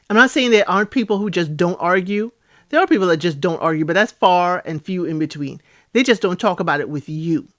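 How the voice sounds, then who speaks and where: A woman hosting a casual reality TV recap, chatty and animated, acting out the cast members' lines in playful voices. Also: medium pitch.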